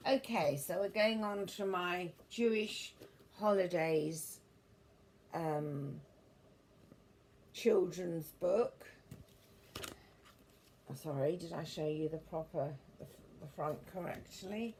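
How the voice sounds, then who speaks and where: This middle-aged woman has a fairly low voice with vocal fry, and she casually shows off her books in a meandering show-and-tell. Prim and formal in phrasing, she keeps correcting herself; there's slight background noise.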